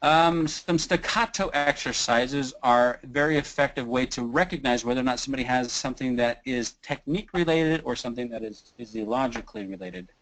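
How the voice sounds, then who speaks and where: Fairly quick and barely pausing, this man has a medium-pitched, slightly bright voice on a low-quality recording. He's a voice teacher from the Kansas City area, USA, casually showing exercises in a webinar with moans, sighs, creaky sounds and brief singing.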